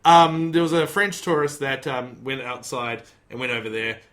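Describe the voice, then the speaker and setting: A man's voice: mid-range voice, moderate pace, a bit bright. A man hosting a casual podcast chat, telling stories in a rambling, joking way. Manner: jokey, rambling storyteller who slips into mock voices. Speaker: podcast host.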